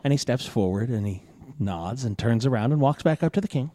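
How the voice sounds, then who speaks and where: A man narrating a tabletop role-playing game as game master, who gives the players brisk directions. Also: medium pitch, expressive, warm tone, no room sound. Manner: voices the king's advisor in character, brisk table directions.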